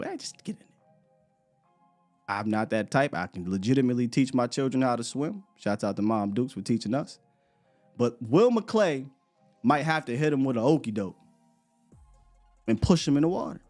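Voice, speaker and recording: Animated man hosting a sports show. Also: mid-range voice. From United States. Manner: animated, rambling, laughs often. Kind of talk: live morning sports show chat.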